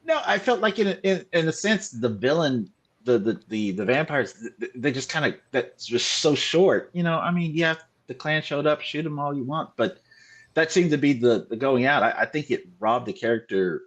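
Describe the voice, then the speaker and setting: A man on a streamed panel, talking casually in a halting way and often repeating words. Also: mid-range voice, lively intonation, a bit bright.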